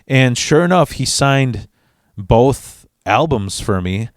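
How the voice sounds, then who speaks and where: A man's voice: medium pitch, animated, takes it slowly, no echo, studio quality. Rambling, stammering man telling a story. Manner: rambling, stammering restarts, heavy swearing. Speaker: vlogger telling a personal story. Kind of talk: casual storytelling.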